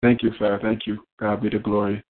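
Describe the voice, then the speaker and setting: A man calling in as a poet, grateful and even-toned. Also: on the low side, fairly quick, very noisy. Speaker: caller and poet. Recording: phone-line audio.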